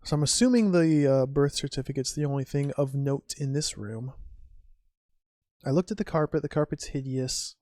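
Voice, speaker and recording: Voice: medium pitch, a little mellow, dry recording, studio quality. A streamer casually commenting on an old adventure game, musing wryly and reading typed commands and game text aloud. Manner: wry, musing, types commands aloud slowly.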